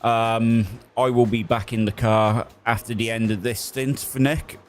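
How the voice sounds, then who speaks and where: A young man spotting for a sim racer, calling traffic briskly between jokes. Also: mid-range voice, flat delivery. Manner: brisk, jokey, calls traffic in short bursts. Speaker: race spotter. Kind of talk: live radio spotting during a sim race.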